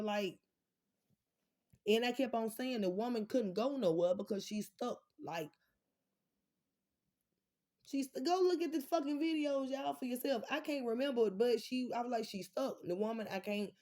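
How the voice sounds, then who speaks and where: A woman's voice: on the high side, moderate pace, mellow. A woman chatting casually with her viewers from home, blunt and profane, rambling from one thought to the next as she speaks straight to them. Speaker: vlogger talking to viewers. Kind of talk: casual unscripted livestream chat.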